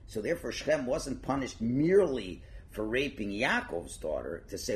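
A man's voice: medium pitch, big pitch swings, brisk, hardly any pauses, a little hiss or hum. A man teaching through a casually told story, acting out its characters with many fillers. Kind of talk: casual spoken storytelling lesson.

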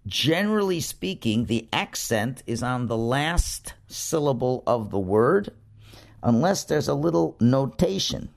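A male teacher who speaks at an unhurried, deliberate pace, with a voice of average pitch. He explains rules patiently and sounds out syllables one by one. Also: gravelly. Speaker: Hebrew reading teacher. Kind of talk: slow explanatory lesson.

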